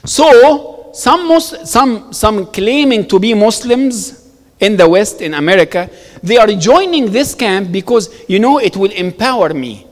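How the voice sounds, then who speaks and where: A man's voice: high voice, lively intonation, measured pace. A man giving an emphatic public talk to an audience, repeating words for stress and telling stories. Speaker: speaker answering audience questions. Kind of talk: animated public talk with storytelling. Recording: long reverb of a hall.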